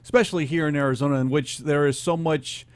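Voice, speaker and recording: A man hosting a sports talk show, introducing segments briskly and giving his own opinions. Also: fairly high pitch, fairly even intonation, no room sound.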